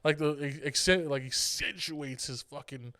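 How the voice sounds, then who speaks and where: A man's voice: a little high, normal speed, bright, forceful tone, no room sound, studio quality. A young man co-hosting a podcast, telling stories in loose, profane casual chat. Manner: loose, profane storytelling with laughs. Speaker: podcast co-host.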